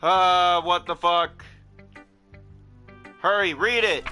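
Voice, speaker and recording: A man playing a visual novel, reading the narration aloud and swearing in loud, shocked outbursts. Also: a little high, normal speed, pauses often, soft background music. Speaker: gameplay streamer.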